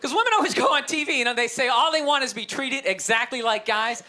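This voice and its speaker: A man doing stand-up comedy before a live audience, ranting loudly and swearing, exasperated. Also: very high voice, animated, fast. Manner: loud, exasperated ranting with profanity. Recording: live show with crowd noise. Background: audience laughter and applause.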